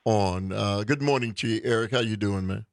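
Male talk radio host, low voice, measured and halting delivery, dry close mic. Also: vocal fry, no room sound. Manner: measured, with many pauses and restarts. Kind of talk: call-in talk radio discussion.

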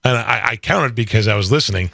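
Sarcastic, gravelly political talk host. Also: male voice, lowish voice, expressive, quick pace, bright, forceful tone, no echo. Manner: sarcastic, repeats words when he restarts. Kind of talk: casual political chat.

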